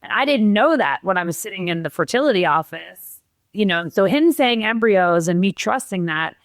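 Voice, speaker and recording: A woman guest on a podcast tells a personal story in an animated, expressive way, lively in her voice and acting out what others said. She sounds close to the mic in a dry room, middle-aged, and near tears at times. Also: mid-range voice, normal speed, no room sound. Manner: animated, acts out quotes, laughs while telling. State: tearful at moments.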